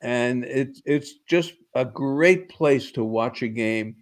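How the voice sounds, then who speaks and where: A man's voice: medium pitch, slow pace. Man reminiscing fondly about ballparks. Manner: nostalgic, fond reminiscing. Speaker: radio guest, baseball analyst. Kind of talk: casual sports talk.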